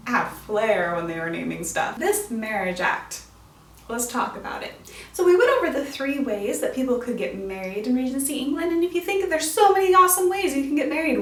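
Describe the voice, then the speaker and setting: A bright, fairly high-voiced woman explains classic literature with bubbly enthusiasm and casual slang. She sounds a little distant from the mic, and the room adds a noticeable echo. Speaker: host of a literature explainer show. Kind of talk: upbeat educational vlog talk.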